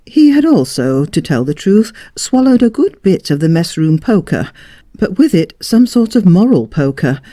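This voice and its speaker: Lively, mellow-voiced story narrator. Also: mid-range voice, moderate pace, no echo, studio quality. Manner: expressive, dramatic reading. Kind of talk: storybook reading.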